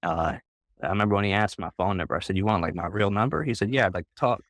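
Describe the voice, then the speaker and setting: A man's voice: fairly low pitch, fast talker, a bit bright, no echo, studio quality. Rambling man telling a story on a call. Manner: rambling, full of "like" and "bro", restarts often. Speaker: interview guest. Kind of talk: casual storytelling on a group voice call.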